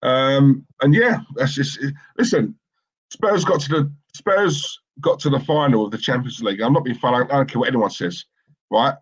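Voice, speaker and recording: A man's voice: medium pitch, normal speed, husky, poor audio. A man co-hosting a live football watchalong stream, chatting casually and reading out viewer comments in a rambling, opinionated way with lots of fillers and restarts.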